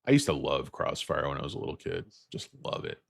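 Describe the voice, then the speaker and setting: Tired man with a very deep voice. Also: sing-song, fairly quick, vocal fry, slightly rough, dry recording, clean studio sound. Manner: rambling, joking, tangent-prone. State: tired, losing his voice. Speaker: host. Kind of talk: rambling livestream about stocks.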